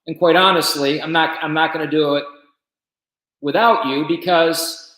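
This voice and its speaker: A man with a fairly high voice tells a founder's story in a relaxed interview, acting out what others said to him. He sounds animated and talkative. The room adds a clear echo around his voice. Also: moderate pace. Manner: animated storyteller who quotes conversations. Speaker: business founder, guest.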